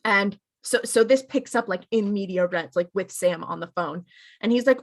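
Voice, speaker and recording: A woman co-hosting a podcast recaps a TV episode at a normal pace in a medium-pitched voice. Her chat is casual and full of fillers, and she retells scenes by quoting lines.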